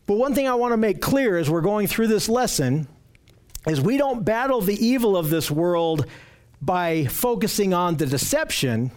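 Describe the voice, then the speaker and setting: A man's voice: high-pitched, very animated, moderate pace. A man preaching a sermon, teaching earnestly and emphatically, often repeating phrases for stress.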